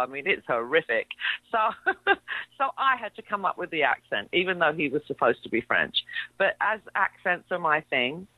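A woman's voice: low-pitched, no room sound. A middle-aged English woman with a mid-Atlantic accent, a guest actress telling stories chattily with lots of fillers and restarts. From England. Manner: chatty, many fillers and restarts, laughs easily. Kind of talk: casual interview storytelling. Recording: tinny dry phone line.

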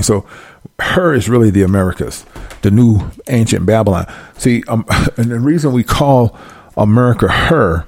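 A low, gravelly man preaches in an easygoing way, stretching each verse out slowly before dropping into quick asides. His voice is husky and rough-edged. He keeps asking his listeners whether they follow. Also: darkish tone, dry recording. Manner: drawn-out verse reading mixed with quick asides. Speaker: scripture teacher on a livestream. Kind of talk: casual preaching while reading scripture aloud.

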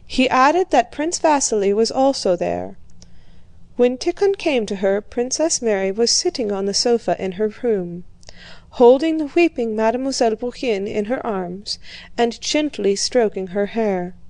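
A woman narrating a classic novel aloud in a measured, calm storytelling manner. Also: fairly high pitch, no room sound. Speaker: audiobook reader. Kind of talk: scripted narration.

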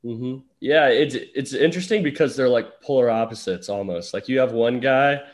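A man guesting on a sports podcast as a writer, breaking things down in an analytical, relaxed way. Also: medium pitch, normal speed. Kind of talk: casual sports podcast chat.

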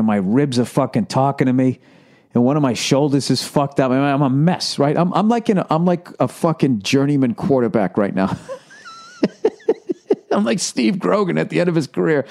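A middle-aged man, a comedian, telling a story in a casual monologue, swearing constantly and mocking himself with animated rants. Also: mid-range voice. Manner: profane, self-deprecating, animated ranting. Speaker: comedian podcast host.

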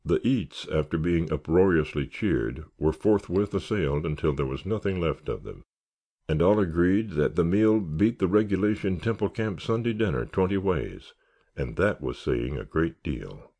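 A man narrates a story with steady storytelling. His voice sits very low with a gravelly rasp, and his pitch moves in lively swings through each sentence. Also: moderate pace. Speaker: audiobook narrator. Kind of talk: scripted narration.

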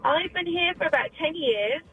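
A woman's voice: very high voice, animated, moderate pace, faint music behind. A young woman calling in to a radio show, bubbly and giggly. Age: young adult. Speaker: caller. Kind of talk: phone call into radio show. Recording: tinny phone line.

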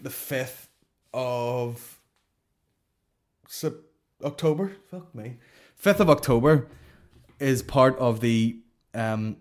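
A Northern Irish man hosting a comedy podcast, rambling through stories and plugs while swearing at nearly every turn. His voice sits at an ordinary middle pitch for a man, and the talk is loose and off the cuff. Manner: profane, rambling, swears constantly. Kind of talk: casual comedic rant.

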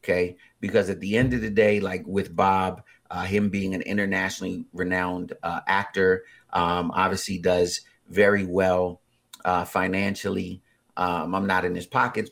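A man in his forties with a husky voice, chatting casually as a podcast co-host, rambling with many fillers and animated bursts. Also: sits low, normal speed. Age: 40s. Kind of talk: casual chat.

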